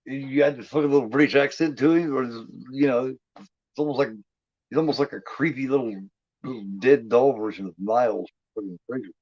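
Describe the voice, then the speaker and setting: A man's voice: medium pitch, brisk, a little mellow, no room sound. Profane, rambling man on a muffled mic. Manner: rambling, profane, laid-back. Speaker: movie commentary host. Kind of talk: casual watch-along commentary. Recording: dull lo-fi, dry.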